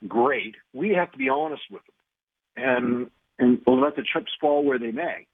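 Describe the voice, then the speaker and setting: A man speaks as a radio guest over a tinny, dry phone line. His voice is gravelly and a little husky, with a lively, rising-and-falling pitch. He argues in a combative way and fills his talk with ums and restarts. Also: unhurried, no echo. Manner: combative, many fillers and restarts. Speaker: radio guest, gun rights group leader.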